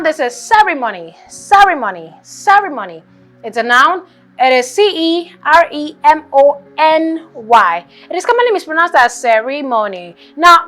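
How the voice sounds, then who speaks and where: A woman's voice: sits high, fairly bright tone. Woman spelling words aloud. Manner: encouraging, spells words letter by letter. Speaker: spelling teacher. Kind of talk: children's vocabulary lesson.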